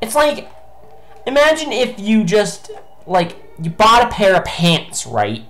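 A woman doing let's play commentary, ranting in exasperation with heavy swearing and sudden bursts of shouting. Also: mid-range voice, huge pitch swings, slow pace, low-quality recording. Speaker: gameplay commentator.

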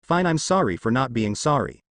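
A cocky, awkward teenage boy hero, as a male narrator reads him out, with a lively, bouncing pitch. His delivery is casual, wry and teasing, with a dry, close sound. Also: normal speed, dry recording.

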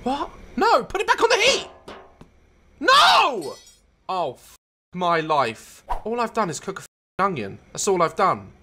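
Frantic swearing gamer. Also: male voice, sits high, huge pitch swings, moderate pace, sharp tone, a little hiss or hum. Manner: frantic, swears constantly, yelps and cackles at mishaps. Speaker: gaming YouTuber. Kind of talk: comedic gameplay commentary.

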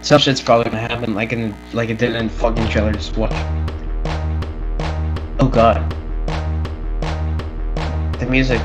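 A young man swearing and reacting nervously while commentating a horror game. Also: medium pitch. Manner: jumpy, swears constantly, nervous laughter. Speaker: gameplay streamer. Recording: game music behind.

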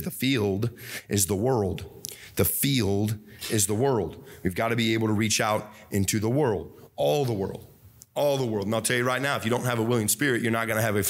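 A young man, a pastor, preaching a fervent sermon with loud mock voices and low asides. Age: young adult.

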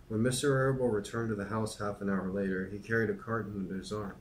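A man's voice: lowish voice, fast, hardly any pauses, slight background noise. A man hosting a podcast, chatting casually with many fillers and then reading a children's book aloud. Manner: relaxed, hesitant, many fillers.

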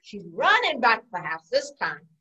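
A woman's voice: fairly high pitch, sing-song, moderate pace, bright, forceful tone, breathy edge. Woman telling a sing-song children's story. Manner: playful, sing-song, with sound effects. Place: library. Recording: distant, dull lo-fi sound.

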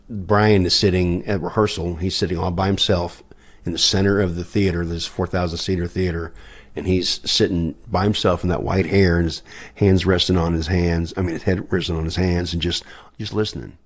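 A man with a very low voice, a guest musician on a podcast. He tells his stories with gusto, acting out the quoted lines and laughing often. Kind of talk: anecdotal storytelling in a podcast interview.

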